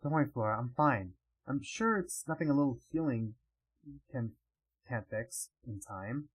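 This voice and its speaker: A man voicing a calm young male mage in a quiet, reassuring webcomic reading. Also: mid-range voice, normal speed, husky, voice pushed down.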